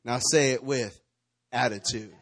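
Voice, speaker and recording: A pastor preaching a sermon, calling on the congregation to answer him, moving from hushed asides to rousing calls. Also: male voice, medium pitch, steady tone, unhurried, no echo. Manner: preachy call-and-response, shifting from hushed to rousing.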